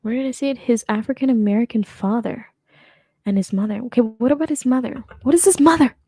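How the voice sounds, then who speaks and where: A woman's voice: on the high side, quick pace, warm tone, husky, dry recording, studio quality. A young woman hosting a casual reaction commentary, sarcastic and rambling, often laughing as she talks. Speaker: commentary host.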